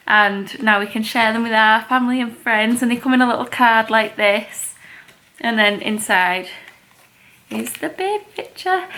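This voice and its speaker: A young woman vlogging in a casual, chatty way, excitable and gushing. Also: a little high. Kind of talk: casual vlog chat.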